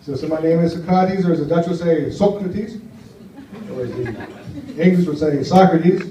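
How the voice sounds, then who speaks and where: A man's voice: fairly high pitch, brisk, dark tone, a little hiss or hum. An American man doing a stand-up comedy set in a small cafe, telling stories in a dry, offhand way with lots of fillers. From United States. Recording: echoey room, distant dull mic.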